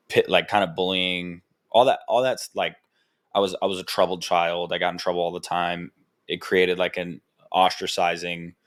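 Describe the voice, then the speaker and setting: A young man with a low voice talks candidly into a podcast mic. He rambles, swears freely and leans on filler words as he works through his thoughts. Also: fairly bright tone. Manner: rambling, frank and profane, full of "like" fillers. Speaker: podcast host. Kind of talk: candid personal podcast monologue.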